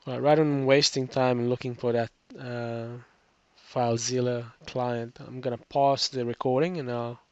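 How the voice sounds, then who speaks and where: A man's voice: medium pitch, flat delivery, normal speed, clear, resonant tone, no room sound. A tired man with a cracking voice, casually walking through a computer tutorial with many restarts and fillers. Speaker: web tutorial instructor. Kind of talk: screen-recorded tutorial walkthrough. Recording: dull, lo-fi screencast audio.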